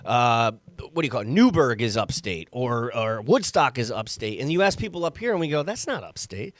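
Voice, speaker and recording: A man's voice: mid-range voice, lively intonation, brisk, dry recording. A man co-hosting a podcast from upstate New York, joking casually and swearing as he talks. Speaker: podcast co-host. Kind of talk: casual chat.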